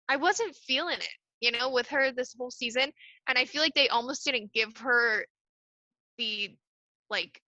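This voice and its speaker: A woman co-hosting a podcast, recapping a TV episode in animated casual chat full of "like". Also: high-pitched, no echo, dull audio. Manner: animated, gushing, lots of "like". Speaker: podcast co-host.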